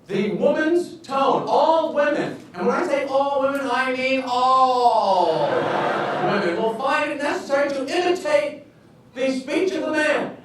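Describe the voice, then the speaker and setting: A comedian riffs in an exaggerated, teasing way with a strikingly high voice. His clip plays from a distance, washed in heavy room echo and steady background noise. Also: a little slow. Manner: exaggerated, mocking, playful delivery. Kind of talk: stand-up comedy routine. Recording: echoey room, clip played from far off.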